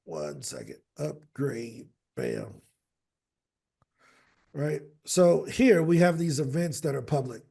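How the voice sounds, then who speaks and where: A man's voice: on the high side, big pitch swings, slow pace, vocal fry, pauses often, warm tone, breathy edge. A man in casual video call chat, upbeat and walking someone through his screen share. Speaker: speaker platform representative.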